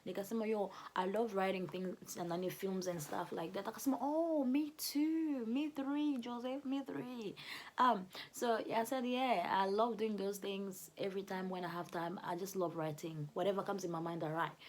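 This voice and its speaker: A young woman telling a personal story to camera in a casual, animated way, often laughing. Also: medium pitch, brisk, hardly any pauses. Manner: animated, laughing, switches between English and Swahili. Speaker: vlogger telling her love story.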